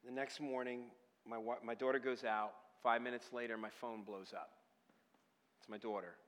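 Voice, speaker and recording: A man preaching a sermon, telling a personal story and building from quiet storytelling to loud, passionate crying out. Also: medium pitch, fairly even intonation, normal speed. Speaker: pastor. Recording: hall with long reverb.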